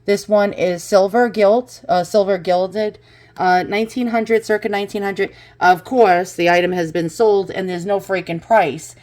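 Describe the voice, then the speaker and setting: A woman hosting an unboxing vlog, talking through her finds in a casual, chatty way. She keeps breaking into excited exclamations as she compares prices. Her voice sits at an ordinary middle pitch. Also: a little slow. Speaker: vlogger. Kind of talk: unboxing and price research chat.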